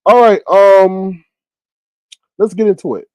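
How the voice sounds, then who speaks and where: A man hosting a casual livestream commentary, animated and exclamatory, laughing often. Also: sits high, slow pace, clean tone, no echo, poor audio.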